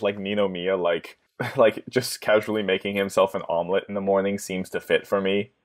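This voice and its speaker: A man chatting casually as a guest on a podcast, often laughing at his own ideas. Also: deep voice.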